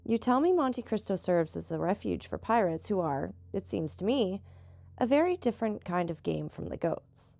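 Woman narrator doing a restless young gentleman traveler, questioning, slightly higher, gravelly. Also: expressive, moderate pace, no room sound. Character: young gentleman traveler, quick-tempered and curious.

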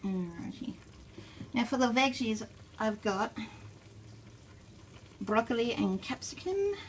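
A woman's voice: a little high, sing-song, slow pace. Chatty woman cooking in a noisy kitchen. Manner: chatty, narrating each cooking step. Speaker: mukbang host. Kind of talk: casual cooking vlog narration. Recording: loud kitchen noise behind her. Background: cooking, cutlery and pan sounds.

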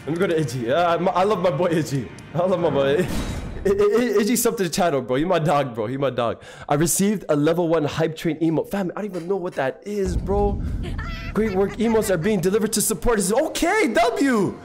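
Excitable young-sounding male gaming streamer. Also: high-pitched, fairly quick, soft background music. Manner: excitable, slangy, thanks viewers constantly. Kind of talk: casual live-stream chat while gaming.

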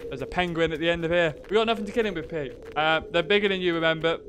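A man giving casual, joking gameplay commentary, excitable and swearing freely. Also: on the high side, rapid-fire, a little hiss or hum. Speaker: gaming youtuber.

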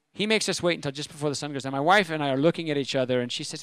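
Animated middle-aged male storyteller. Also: on the high side, very fast, smooth, dry recording. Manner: animated, self-deprecating storyteller. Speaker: speaker at a religious convention. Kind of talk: personal storytelling talk.

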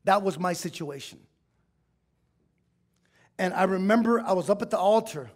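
A middle-aged man, a pastor, preaching a sermon in a church, telling a personal story in an emotional, confessional way that swells at times into shouting. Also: fairly high pitch, moderate pace, vocal fry, long pauses. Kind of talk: sermon testimony. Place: church sanctuary.

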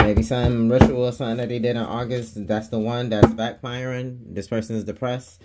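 A man's voice: medium pitch, flat delivery, a little fast, noisy background. A man giving a casual tarot reading, chatty and slangy, laughing often and swearing freely. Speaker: tarot reader.

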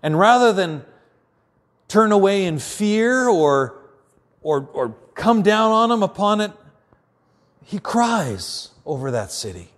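A man preaching a sermon as pastor, earnest, often dropping quiet and slow for emphasis. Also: high-pitched.

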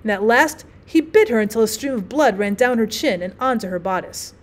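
A woman teacher reading a classic short story aloud in an expressive, steady storytelling manner. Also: fairly high pitch, a little fast.

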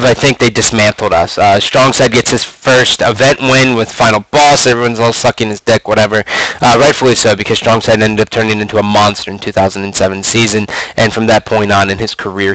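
A man's voice: on the low side, a bit bright, no echo, poor audio. A man in his twenties hosting his own show, telling stories about his competitive gaming days in a brash, profane, swaggering way. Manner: brash, profane, swaggering trash-talk storytelling. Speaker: podcast host recounting esports career. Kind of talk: casual storytelling monologue.

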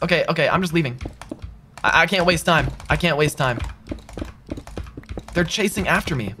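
A man's voice: on the high side, normal speed, long pauses, bright, forceful tone, a little hiss or hum. A young man live-streaming a video game, talking to chat in a slangy way and repeating himself when frustrated.

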